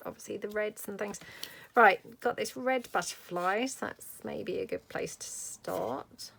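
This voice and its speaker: A woman's voice: mid-range voice, vocal fry, noisy background. A middle-aged woman chatting casually through a crafting tutorial, thinking aloud as she works. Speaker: craft vlogger.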